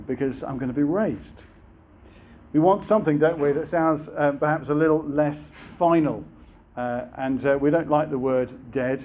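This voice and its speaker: A man's voice: fairly high pitch, steady tone, normal speed, phone-quality sound. A man preaching a sermon in a conversational way, with frequent fillers and rhetorical questions.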